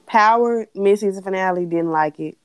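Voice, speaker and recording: A young woman co-hosting a casual chat, blunt and animated, swearing freely as she rants. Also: mid-range voice, moderate pace, clean tone, no room sound. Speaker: podcast co-host.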